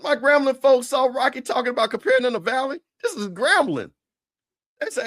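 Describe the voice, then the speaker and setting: A man co-hosting a sports talk stream, teasing rivals in an animated, repetitive way. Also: extremely high pitch, a little fast. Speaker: show co-host. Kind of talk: casual trash-talk commentary.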